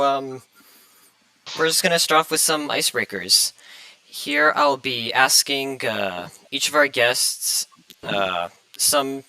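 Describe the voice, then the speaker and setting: A man's voice: medium pitch, bright, forceful tone, dry recording, rough recording. A young man hosting a casual student podcast, hesitant and full of fillers, a little flustered. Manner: hesitant, many fillers, flustered by tech trouble. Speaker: podcast host.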